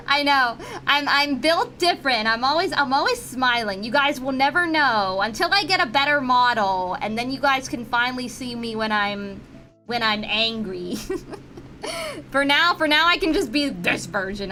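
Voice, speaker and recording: Bright, high-voiced giggly streamer woman. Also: lively intonation, a little slow, faint music behind. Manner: chatty, giggly, repeats words, playful teasing. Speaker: VTuber streamer. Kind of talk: casual live-stream chat.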